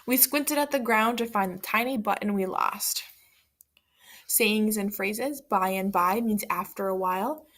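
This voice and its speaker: A woman's voice: mid-range voice, measured pace, a bit bright. A woman teacher leading a second-grade reading lesson, explaining words and reading a story aloud.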